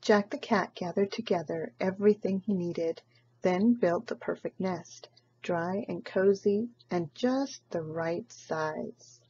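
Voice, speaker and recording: Slow, expressive woman reading a storybook. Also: lowish voice, slightly rough, highs cut off. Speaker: storybook reader. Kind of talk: children's story read-aloud.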